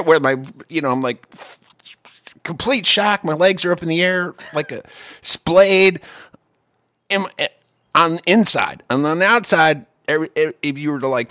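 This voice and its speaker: A man telling a long story in casual chat, profane and animated, with quick asides and restarts. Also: a little high, no echo, studio quality.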